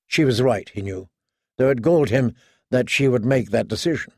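Male narrator, measured dramatic storytelling, dry close sound, gravelly. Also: medium pitch, a little mellow, dry recording. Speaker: audiobook narrator. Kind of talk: scripted narration.

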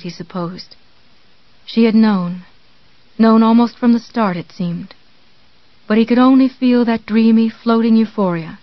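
A narrator reading a novel aloud in a measured, even storytelling manner. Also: mid-range voice, no room sound, highs cut off. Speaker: audiobook narrator. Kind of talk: scripted narration.

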